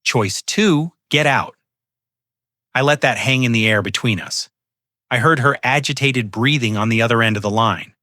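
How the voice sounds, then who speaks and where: A man narrating a first-person story, speaking calmly and deliberately. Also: mid-range voice, no room sound, studio quality. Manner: calm, measured, coldly deliberate.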